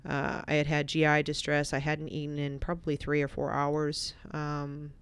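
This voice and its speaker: A woman telling an emotional personal story as a podcast guest, swinging from animated bursts to hushed, reflective passages. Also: sits low, normal speed, smooth.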